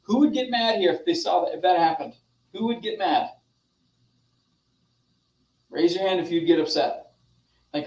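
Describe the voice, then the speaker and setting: A young adult man coaching a group over a video call, animated and demonstrative, talking straight to his listeners. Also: sits high, normal speed, long pauses, reverberant, far from the mic, low-quality recording. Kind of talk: motivational online session.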